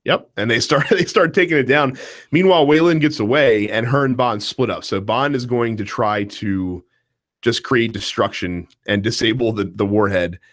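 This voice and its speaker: A man co-hosting a podcast, chatting casually about a film, animated and laughing, full of fillers and restarts. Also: medium pitch, moderate pace. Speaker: podcast co-host. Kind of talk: casual movie discussion.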